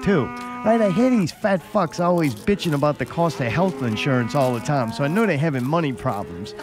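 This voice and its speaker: A man's voice: on the high side, lively intonation, brisk, hardly any pauses, over music. Profane, ranting male podcast host. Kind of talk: casual chat. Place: studio.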